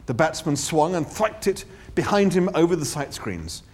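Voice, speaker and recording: A man giving expressive audiobook narration with wry, theatrical comic timing. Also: a little high, moderate pace.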